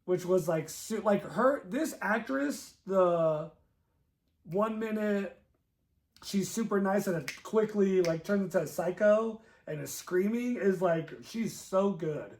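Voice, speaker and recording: A man co-hosting a movie review, retelling scenes in a casual, excitable way with many fillers. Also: high voice, slow. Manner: excitable, filler-heavy storytelling with lots of "like". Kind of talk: casual chat.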